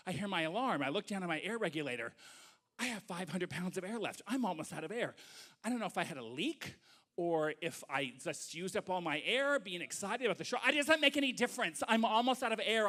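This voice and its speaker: A man telling a comic story live on stage to an audience, animated and acting out voices. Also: high-pitched, fast.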